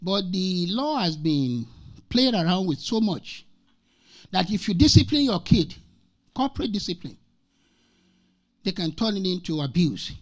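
A guest preacher from Nigeria in his sixties speaks in a high, very animated voice, unhurried and pausing often. His sermon is emphatic, with repeated scripture lines and stories from his own life.

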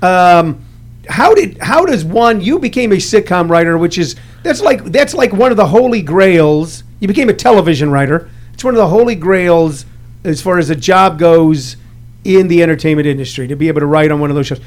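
A man's voice: high voice, animated, moderate pace. A man hosting a casual podcast interview, rambling with many restarts and jokey anecdotes. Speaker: podcast host.

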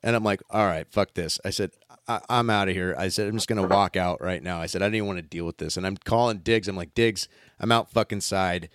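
A man telling a story in casual chat, animated and swearing often, acting out what others said. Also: low-pitched, fast, no room sound, studio quality.

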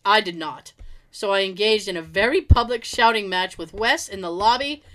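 A woman's voice: medium pitch, moderate pace, a bit bright. A woman reading work stories aloud in a casual way, laughing often and adding quips between them. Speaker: storyteller reading listener stories. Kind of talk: casual story reading with asides.

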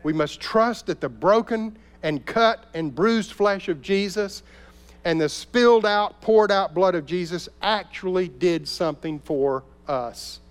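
A man preaching a sermon as a pastor, telling a story and dropping to soft, intense tones at key moments. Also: high voice, measured pace, clear, resonant tone. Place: church sanctuary. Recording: long reverb of a large hall.

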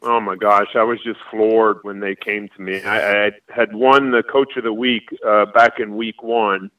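A man in his forties, a high school football coach from Florida, answering interview questions in a rambling way with halting restarts. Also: steady tone, recorded from a distance, muffled recording.

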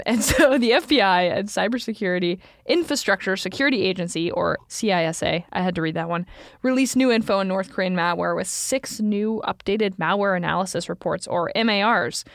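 A woman co-hosting a podcast in casual chat, playful and punning, quick to laugh. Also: medium pitch, no echo, clean studio sound. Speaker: podcast co-host.

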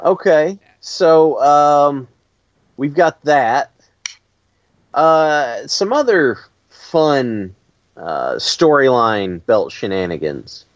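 A man hosting a casual chat, telling stories with lively energy and frequent laughs. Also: medium pitch, very slow, dry recording, highs cut off. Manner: animated storytelling, laughs often.

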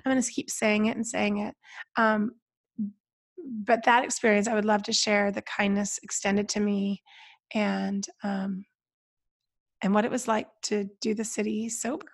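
A woman co-hosting a casual podcast chat, her voice scratchy and hoarse from a cold, talking in trailing restarts. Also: mid-range voice, level tone, a little slow. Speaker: podcast co-host.

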